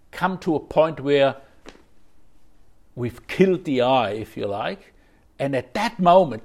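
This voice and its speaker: A man giving a reflective dharma talk as a Zen teacher, circling back over phrases and filling pauses with "you know". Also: mid-range voice, darkish tone.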